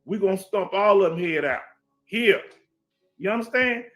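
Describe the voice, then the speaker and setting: Over soft background music, a streetwise middle-aged veteran from Houston, Texas chats casually on his livestream, reading comments and hammering his points with repetition and "you understand?" His Houston Black American English voice sits high, expressive and a bit bright, at normal speed, picked up by a headset.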